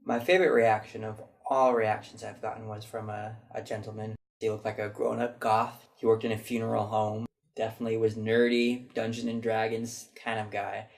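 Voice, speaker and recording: A man's voice: fairly low pitch, flat delivery, moderate pace, gravelly, hardly any pauses. A man vlogging in a chatty, reflective way, recounting people's answers to a question and mimicking them as he goes. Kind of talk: casual storytelling monologue.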